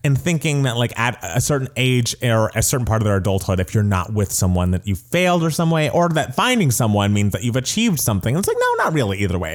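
A male podcast co-host chatting in a casual, chatty way. His pitch moves a lot, rising and falling as he talks, and he laughs easily between points. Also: quick pace, few pauses. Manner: chatty, animated, laughing often. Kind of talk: casual chat.

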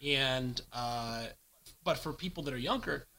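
A man's voice: mid-range voice, unhurried, sharp tone, slight background noise, low-quality recording. A man co-hosting a casual podcast chat, talking animatedly and throwing in movie quotes with gusto. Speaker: podcast co-host.

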